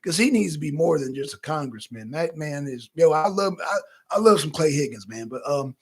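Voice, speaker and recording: Brief: husky man with a high voice, co-host doing a loose, profane, animated rant. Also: fairly quick. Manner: animated, loose and profane, slips into quoting himself. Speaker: talk show co-host. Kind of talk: casual profane commentary.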